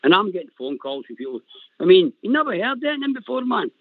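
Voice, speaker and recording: A Scottish man on a football phone-in, bantering in an animated way and saying "man" a lot, heard over a phone line. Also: sits high, quick pace, no room sound. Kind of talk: casual football phone-in chat.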